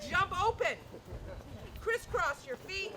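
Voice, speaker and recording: High-voiced woman teaching flamenco, slow. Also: background noise. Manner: energetic, counts beats aloud, mixes in Spanish counts. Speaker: flamenco dance instructor. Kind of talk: dance class instruction with counting. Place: dance class, community TV broadcast.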